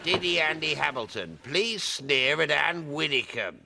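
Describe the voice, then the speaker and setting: A man doing rapid, mock-serious panel-show parody comedy. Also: a little high, animated, creaky. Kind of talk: sketch comedy, rapid absurd panel banter. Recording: loud background noise.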